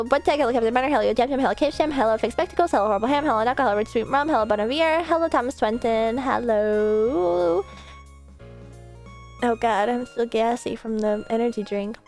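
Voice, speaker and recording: A woman VTuber streaming from her home setup, chatting casually, rambling and swearing now and then, with a desk mic set a bit far off. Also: fairly high pitch. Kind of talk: casual live-stream chat.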